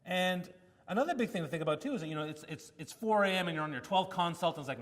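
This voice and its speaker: A man speaks at a conference in a lively storytelling manner and acts out the lines of people in his anecdotes. His voice sits a little higher than most men's. The sound carries the long reverb of a large hall. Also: fast talker. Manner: animated storytelling with acted-out quotes. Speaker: keynote speaker. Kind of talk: conference talk.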